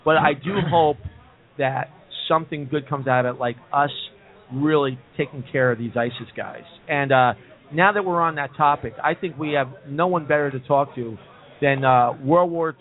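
A man from New Jersey hosting a casual comedy talk show, chatty and quick to laugh, often repeating "listen". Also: fairly high pitch. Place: pub. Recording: tinny phone-like audio.

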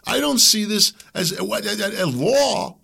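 A man's voice: high-pitched, animated, slow pace, creaky, sharp tone, husky. A man from the United States hosting a podcast of impassioned political commentary, fervent and preachy, firing rhetorical questions and repeating words when heated. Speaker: podcast host.

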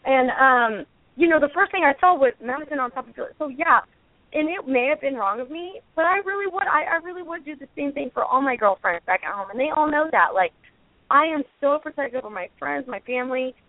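A woman's voice: high voice, lively intonation, fairly quick, dry recording. Woman guest calling in to a radio show, candid and defensive, talking in long restarting runs over a thin phone line. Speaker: reality show cast member, guest. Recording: tinny phone line, dry.

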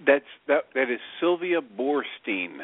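A man's voice: mid-range voice, big pitch swings, a little slow, dry recording. Reflective male radio co-host on a phone line. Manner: reflective, explanatory. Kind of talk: casual radio talk.

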